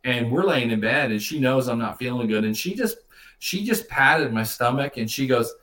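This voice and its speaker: A man's voice: mid-range voice, animated, normal speed, a bit bright. A man in his fifties co-hosting, talking with enthusiasm and repeating words as he goes. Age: 50s. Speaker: co-host. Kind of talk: casual chat.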